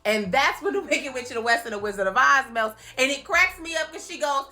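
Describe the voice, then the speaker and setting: Bright, high-voiced woman host, playful recap commentary, lots of laughs. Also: moderate pace, soft background music. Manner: animated, laughing, playful impressions. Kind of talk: comedic movie recap commentary.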